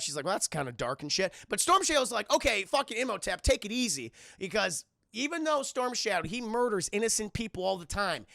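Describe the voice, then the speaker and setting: A man casually recapping a film to his live chat, rambling, swearing and excitable, keeps calling out to the chat. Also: sits high, gravelly, no echo, clean studio sound. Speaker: film reviewer streaming to chat.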